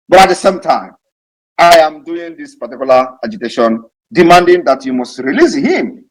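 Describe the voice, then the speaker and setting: A man's voice: on the high side, rough recording. A man giving a heated, mocking political address to supporters, repeating points for emphasis. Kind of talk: impassioned live audio address. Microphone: online audio space.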